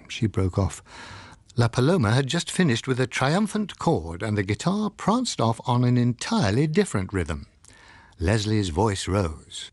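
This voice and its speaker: A man narrates a novel as a scripted audiobook, his storytelling measured and expressive. His voice is mid-range and there's no room sound.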